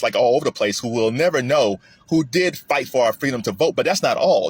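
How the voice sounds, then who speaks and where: A man giving a casual political commentary monologue, animated and often restarting his sentences. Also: husky, no echo. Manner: animated, rising high when emphatic, with frequent restarts. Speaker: commentary vlogger.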